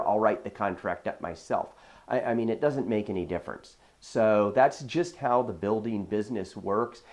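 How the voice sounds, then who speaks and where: This man, a real estate agent, chats casually about advice and tells stories from his deals, performing the quoted dialogue and leaning on filler words. His voice sits on the low side with a darkish tone.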